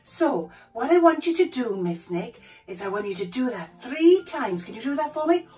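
A woman voicing a cheerful puppet who gently teaches children a calm breathing exercise step by step. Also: fairly high pitch, normal speed, recorded from a distance, soft background music, poor audio. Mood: encouraging. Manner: gentle, encouraging, explains step by step.

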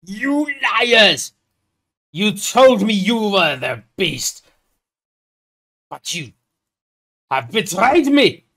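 A man shouting as a furious betrayed swordsman. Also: high voice, big pitch swings, drawn-out words, pauses often, voice pushed up, heavily acted. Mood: enraged. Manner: shouting accusations.

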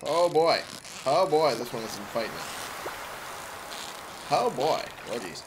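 A man muttering casual commentary to himself while playing a game, now and then breaking into sudden excited yelps. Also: mid-range voice, slow pace. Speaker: let's play gamer. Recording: noisy home recording.

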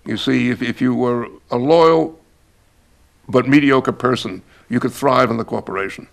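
A man in his seventies from the United States, a novelist reflecting on his past in a measured documentary interview. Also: medium pitch. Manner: gravelly, measured, stopping to restart.

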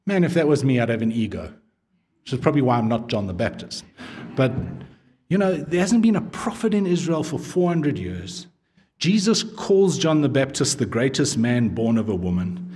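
A male pastor gives an expository sermon in an easy, conversational way. He checks in with his listeners through casual questions. At key points his voice sinks low and quiet. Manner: conversational preaching, drops to a low, quiet voice for emphasis; asks the audience casual questions.

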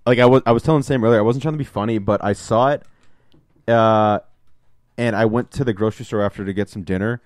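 Young male podcast host, low voice, dry close sound, rambling and profane. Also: fairly even intonation, quick pace, no echo. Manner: rambling, swears often, many fillers and restarts. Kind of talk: casual movie review chat.

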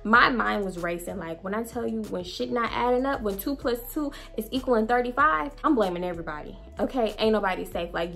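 A young woman vlogger telling a storytime tale in a blunt, profane, animated way, with faint music behind her. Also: on the high side, brisk, gravelly, hardly any pauses. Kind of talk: storytime vlog.

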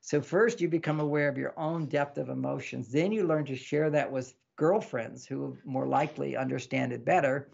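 With medium pitch, vocal fry and a breathy edge, a man speaks at a moderate pace with few pauses, on audio where the highs are cut off. As an author interviewee he explains ideas in a teaching way, repeats lists and animatedly acts out dialogue.

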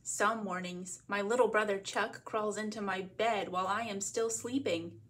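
A woman from a library reading a picture book aloud as a bedtime story, in a gentle read-aloud manner. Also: medium pitch, fairly even intonation, moderate pace, slightly rough.

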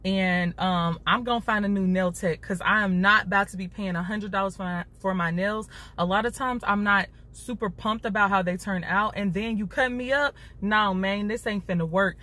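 A woman's voice: medium pitch, steady tone, moderate pace, hardly any pauses, pushed and bright. A young woman with a Chicago accent, chatting to the camera in a casual vlog while sitting in her car and holding her phone. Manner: chatty, talks straight to camera, says y'all often. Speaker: vlogger. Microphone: phone held at arm's length.

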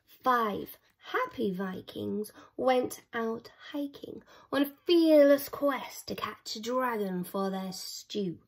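Expressive woman reading a rhyming children's book. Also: a little high, slow pace, husky. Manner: rhythmic, expressive rhyming delivery. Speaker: storyteller.

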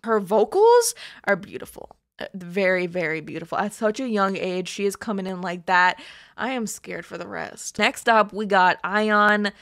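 A woman hosting a reaction video, talking casually in excitable, exclamatory bursts and gushing asides. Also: medium pitch, moderate pace, creaky, dry recording, studio quality.

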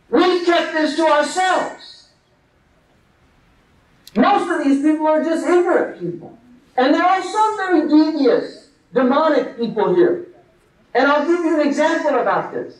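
A man giving an impassioned sermon full of rhetorical questions. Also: very high-pitched. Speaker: religious lecturer. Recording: echoey hall, distant mic.

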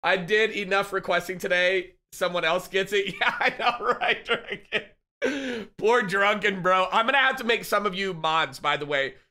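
A young man live-streaming, chatting casually and excitedly with his viewers and reading their messages aloud. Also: high-pitched, normal speed, few pauses. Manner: hyped, laughing, reads chat aloud.

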